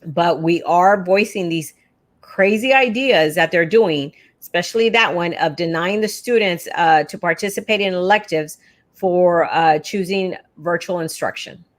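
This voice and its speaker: Earnest low-voiced woman union leader. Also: unhurried. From South Texas. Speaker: educators' association leader. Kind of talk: casual live-stream chat.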